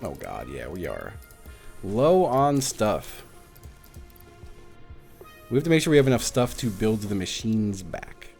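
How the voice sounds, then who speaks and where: A man's voice: on the low side, very animated, a little slow, vocal fry, long pauses, a little mellow, faint music behind. A man streaming a game live, chatting casually and animatedly with his viewers, swearing now and then. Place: at home.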